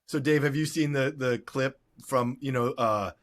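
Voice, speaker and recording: A man co-hosting a casual podcast chat, easygoing and quick to chuckle. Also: mid-range voice. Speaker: co-host.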